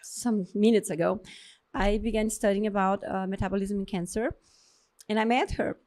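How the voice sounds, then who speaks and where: An effusive woman with a Brazilian Portuguese accent hosts a casual podcast interview. She gushes over her guest with warm enthusiasm and speaks in a mid-range voice, sliding between English and Portuguese. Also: medium pitch, steady tone, normal speed. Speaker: podcast host, endocrinologist.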